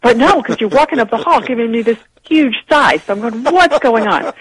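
A woman guest on a radio talk show, explaining ideas in a lively, chatty way and laughing easily. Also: a little high, a little fast, slight background noise, rough recording. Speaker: guest, publishing executive. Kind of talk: casual radio interview.

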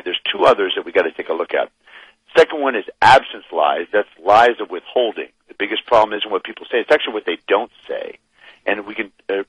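A man speaking as a guest expert on a radio interview, his pitch swinging widely as he stresses his points. His voice is somewhat husky and the sound is dry and close, with no room around it. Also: no room sound, rough recording. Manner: animated, emphatic explainer.

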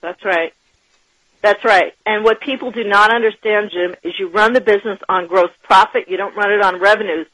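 A woman guest on a radio show, an enthusiastic and animated storyteller who laughs often. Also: mid-range voice, fairly quick, few pauses, no echo, poor audio. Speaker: guest, business author and professor. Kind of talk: radio interview.

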